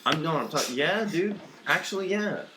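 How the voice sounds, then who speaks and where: A man's voice: a little high, expressive. Young male co-host, opinionated and rambling, with a slight hiss. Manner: rambling, opinionated, halting restarts. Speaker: podcast co-host. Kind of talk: casual chat.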